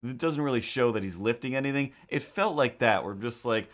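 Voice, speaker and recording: A man's voice: mid-range voice, brisk, few pauses. A man hosting a drawing live stream, casually telling a rambling story and acting out the people in it. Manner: animated, acts out quoted voices, rambling asides. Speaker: live-stream host and cartoonist.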